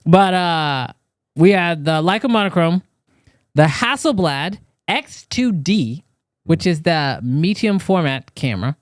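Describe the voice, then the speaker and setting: Male live-show host, high voice, dry close sound, chatty, talks to the audience. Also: lively intonation, slow, no room sound. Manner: loose, chatty, talks straight to viewers. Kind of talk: casual live-stream chat.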